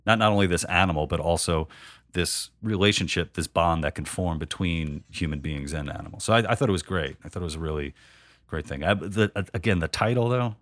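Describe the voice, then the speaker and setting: Podcast host guy, really low voice, dry close sound, lots of um and uh. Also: fairly bright tone, no echo. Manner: halting, hesitant, many fillers and restarts. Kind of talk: casual chat.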